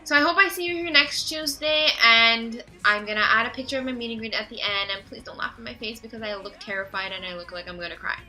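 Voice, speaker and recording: A teenage girl telling a story in a casual vlog, gushing and excitable and talking fast. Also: a little high, soft background music, poor audio. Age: teens. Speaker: vlogger.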